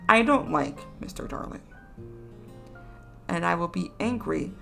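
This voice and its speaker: A woman's voice: fairly low pitch, lively intonation, unhurried, creaky, long pauses, fairly bright tone, soft background music. A woman reading a storybook aloud on a stream, adding chatty, indignant asides.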